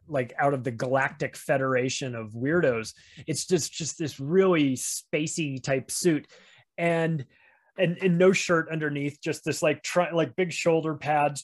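A man chatting on a podcast, telling rambling stories with lots of restarts. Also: a little high. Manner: rambling, animated storytelling with frequent restarts. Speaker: podcast guest. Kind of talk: casual podcast chat.

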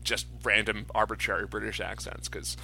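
A man's voice: on the low side, little pitch movement, moderate pace, vocal fry, pushed and bright, slight background noise, poor audio. A man co-hosting a movie podcast, explaining his views in an opinionated way. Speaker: podcast co-host. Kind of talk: casual movie review chat.

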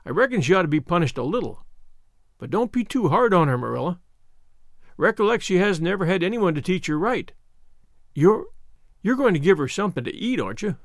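A man's voice: very animated, fairly quick, pauses often, no room sound, clean studio sound. A man doing a shy, hesitant old farmer. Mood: uneasy. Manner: hesitant, low and mumbling.

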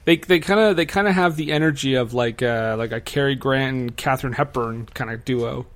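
A man's voice: mid-range voice, brisk. A man co-hosting a casual movie chat, joking, with some hesitant fillers. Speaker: podcast co-host.

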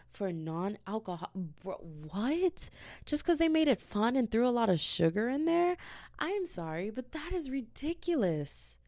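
A woman's voice: mid-range voice, a little mellow, no room sound, clean studio sound. A woman hosting a solo podcast, ranting in a slangy, exasperated casual way into a podcast mic. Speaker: podcast host.

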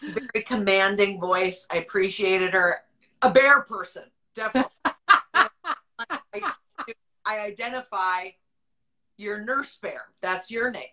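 A woman tells a story in a loose, chatty way, as on a livestream. Her voice is bright and crisp, her pitch sits in the middle, and she laughs easily, swears without a second thought and slips into the voices of the people she quotes. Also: measured pace, pauses often, poor audio. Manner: candid, laughs often, swears freely. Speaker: podcast host.

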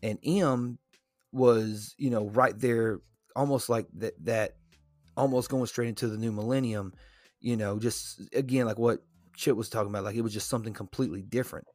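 A man's voice: lowish voice, steady tone, normal speed, darkish tone, no echo, soft background music. A man co-hosting a podcast in casual chat, rambling with many fillers and restarts. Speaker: podcast co-host.

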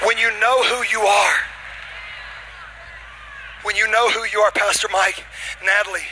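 A young man preaching a sermon, telling a comic story with shouted punchlines and then dropping to a hushed, intimate tone. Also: high voice, steady tone, measured pace, long pauses, a little hiss or hum, low-quality recording. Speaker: pastor.

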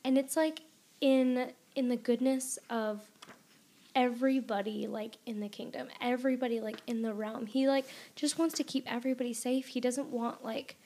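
A young woman co-hosting a book podcast in casual chat, animated and laughing often. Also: fairly high pitch, normal speed.

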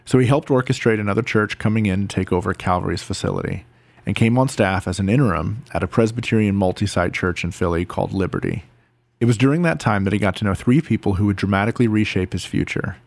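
A man reading scripted narration in a measured, even way. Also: lowish voice, vocal fry, no echo. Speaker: podcast narrator.

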